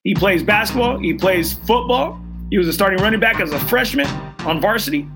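A man's voice: sits high, lively intonation, brisk, over music. A middle-aged man hosting a golf show, talking with emotion and enthusiasm and often repeating himself. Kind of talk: casual chat, live show sign-off.

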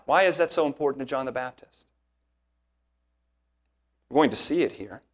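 Speaking at a medium pitch, a man delivers an expository sermon as a pastor. He is earnest and emphatic, varying his speed to drive home the main points.

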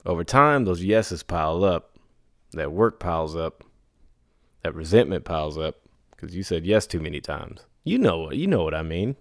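Low-voiced guy rambling on his podcast, big swings in pitch, dry close sound. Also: moderate pace, dry recording. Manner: animated storyteller acting out clients in high put-on voices; laughs and sighs often. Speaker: podcast host. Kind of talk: casual solo podcast monologue.

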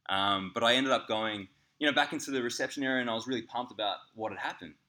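Bright-voiced Australian man telling stories. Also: medium pitch, quick pace. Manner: animated, laughing, swearing, acts out voices in anecdotes. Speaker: podcast co-host, acupuncturist. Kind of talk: casual storytelling chat.

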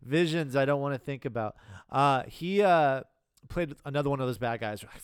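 Smooth-voiced man chatting about movies. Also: mid-range voice, brisk, no room sound, studio quality. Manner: relaxed, casual swearing, fillers like uh. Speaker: podcast co-host. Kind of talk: casual chat.

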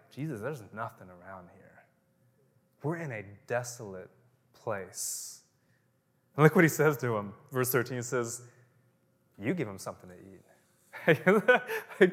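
A man preaching a conversational sermon, animated, often laughing and acting out the voices of the people in his story. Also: medium pitch, in a large hall. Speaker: pastor.

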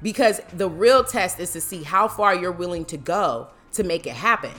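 A woman speaks with a bright, forceful tone, driving home each point in a casual motivational talk about faith. She is emphatic and a little preachy, slipping into playful voices when she quotes people. Soft music plays faintly behind her. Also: lowish voice, lively intonation, normal speed.

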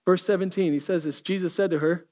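A man, preaching a sermon, swinging from lively storytelling to quiet intensity. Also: high-pitched, fast talker, big-room sound. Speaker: pastor.

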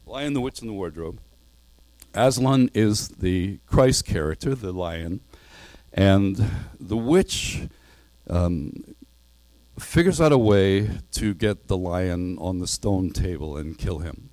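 Preacher, male, low mellow voice, earnest sermon delivery, dry close sound. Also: animated, takes it slowly, dry recording. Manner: earnest, reads a storybook passage aloud with voiced parts.

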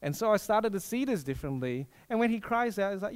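A young man preaching through a personal story. His voice sits high for a man, and he acts out the voices he quotes with lots of life. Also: expressive, fast, few pauses.

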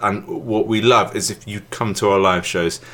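Low-voiced man plugging a podcast. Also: fairly even intonation, moderate pace, fairly bright tone. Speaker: podcast co-host. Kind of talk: casual podcast banter.

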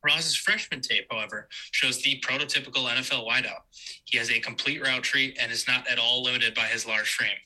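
Man, very bright sharp voice, scripted sports analysis, steady fluent reading. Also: mid-range voice, brisk, rough recording. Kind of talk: scripted analysis read aloud.

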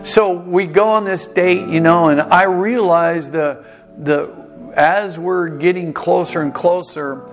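High-voiced pastor telling a story. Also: male voice, fairly even intonation, soft background music. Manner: storytelling, self-deprecating, acts out dialogue; halting restarts and repeated words. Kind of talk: sermon.

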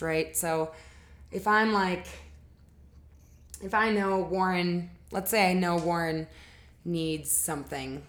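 Earnest woman teaching in casual talk. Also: lowish voice. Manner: conversational and earnest, with frequent fillers and self-corrections. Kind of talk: casual spoken lesson.

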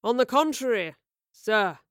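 A man's voice: very high-pitched, lively intonation, measured pace, a bit bright, clean tone, dry recording, clean studio sound, heavily acted. A woman reading a storybook voices a portly, melancholy man in his forties with formal, old-fashioned phrasing. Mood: wistful. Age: 40s. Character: older man, portly, wounded, dignified, melancholy.

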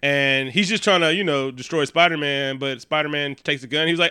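A man in casual podcast chat, retelling a movie in a lively, profane way and acting out characters' lines. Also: a little high, brisk, few pauses, clear, resonant tone. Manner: animated, profane retelling with quoted character lines and frequent laughs. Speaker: podcast co-host.

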